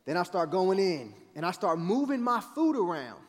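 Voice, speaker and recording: A preacher telling a comic story about his family, animated and dramatic, with acted-out voices. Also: high-pitched, moderate pace. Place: large event hall. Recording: reverberant large hall.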